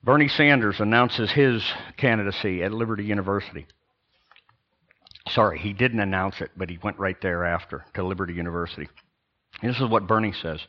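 An older man, a pastor, preaching a sermon in an emphatic, sarcastic way with pauses and restarts. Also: lowish voice, dull audio.

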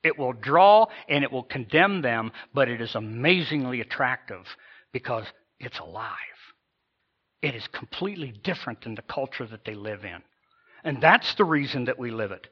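A man's voice: mid-range voice, expressive, moderate pace. Emphatic preaching man, lo-fi. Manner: emphatic, rising and falling in intensity, acting out imagined voices. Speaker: pastor. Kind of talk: sermon.

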